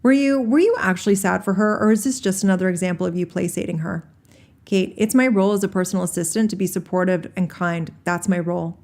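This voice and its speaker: A woman reading a deposition transcript aloud, naming each speaker before their lines in a plain, measured way. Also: mid-range voice, darkish tone. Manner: announces speaker names before each quoted answer. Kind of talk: solo reading of transcript, all parts.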